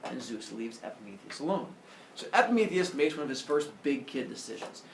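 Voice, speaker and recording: A male teacher retelling a myth to his class in an animated, jokey way that teases the students. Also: medium pitch, a little fast, vocal fry, a little hiss or hum. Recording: echoey classroom.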